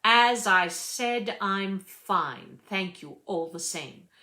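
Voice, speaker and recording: A woman's voice: medium pitch, animated, very slow, bright, forceful tone, full character voice. A woman voicing a stiff, condescending British male chef who speaks in clipped, over-enunciated words. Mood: curt.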